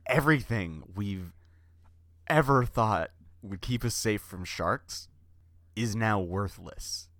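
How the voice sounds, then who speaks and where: A man's voice: lowish voice, slow pace, a bit bright, dry recording, studio quality. A man co-hosting a comedy podcast, making grand, doom-laden pronouncements with mock seriousness. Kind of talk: deadpan comedy banter.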